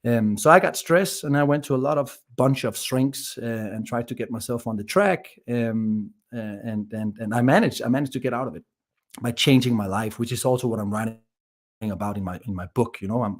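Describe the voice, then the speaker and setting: A man in his thirties with a Danish accent, a guest telling his story in a casual interview, energetic and full of restarts. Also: medium pitch, brisk. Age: 30s. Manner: energetic, many restarts and repeated words. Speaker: guest entrepreneur.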